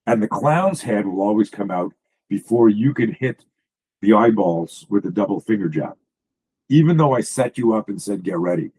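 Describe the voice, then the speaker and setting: A self-defense coach in a podcast chat, a man with a husky, fairly low voice. He talks emphatically and swears freely, tumbling from one story to the next with quick restarts. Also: lively intonation, warm tone, poor audio. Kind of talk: casual podcast conversation.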